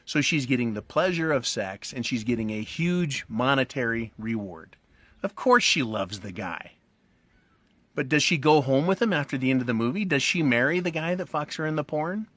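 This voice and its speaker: A middle-aged man holds forth in a loose, crude monologue at a middling pitch. He speaks bluntly and rambles, tossing in rhetorical "right?" questions while he puffs on a cigar. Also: lively intonation, moderate pace, fairly bright tone, no echo. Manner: smoking a cigar while talking. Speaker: commentary channel host. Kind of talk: casual monologue, talking to the camera.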